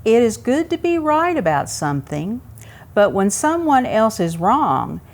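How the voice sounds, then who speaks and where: Lady doing wise old granny squirrel, gentle, slow and careful. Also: fairly high pitch, very animated. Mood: gentle warning.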